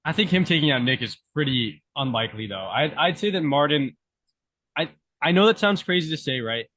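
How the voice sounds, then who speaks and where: A man's voice: fairly high pitch, animated, a little fast, fairly bright tone. A man talking casually on a podcast, hesitant, restarting sentences and hedging his opinions. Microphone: remote call from home.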